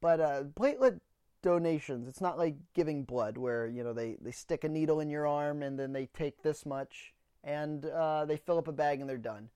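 Speaking solo into a close podcast mic, a man with a slightly high, mellow, clear and resonant voice rambles through a comedic story at a moderate pace. He's blunt, sarcastic and a bit breathless, and the sound is dry with no echo or room around it.

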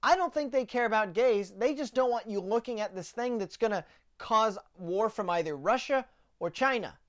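A woman's voice: fairly high pitch, animated, normal speed. Ranting woman podcast host. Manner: ranting, mocks opponents in sarcastic put-on quotes; repeats words when starting sentences. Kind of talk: opinionated political commentary.

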